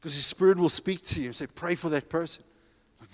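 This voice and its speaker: A man preaching a sermon, telling stories animatedly and acting out the dialogue with bursts of shouting. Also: on the high side, a little fast. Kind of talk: sermon storytelling. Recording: long hall reverb.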